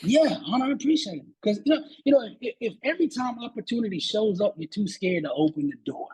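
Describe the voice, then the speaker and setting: A man's voice: high-pitched, fast talker, breathy edge, rough recording. Fired-up man telling a motivational story. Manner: animated, preachy, repeats words when fired up. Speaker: motivational speaker guest.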